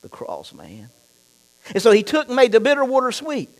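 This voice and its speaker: A man with a high-pitched voice preaching a sermon as a pastor. He reads scripture aloud and speaks straight to his congregation, swinging between low asides and loud, fired-up stretches. A low mains hum runs underneath the recording. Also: big pitch swings, normal speed, rough recording.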